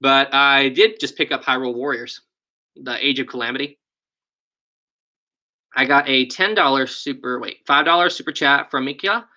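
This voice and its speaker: On a casual live stream, a young West Virginian man talks at normal speed with frequent pauses, his mid-range voice pushed and bright. He reads viewer questions, answers them chattily and reasons out loud, using a desk USB microphone.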